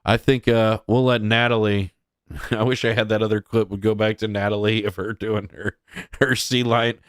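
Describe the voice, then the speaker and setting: A man's voice: fairly low pitch, flat delivery, normal speed, clear, resonant tone, no room sound. A man hosting a casual news commentary stream, talking in a sarcastic, joking, mocking way. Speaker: host.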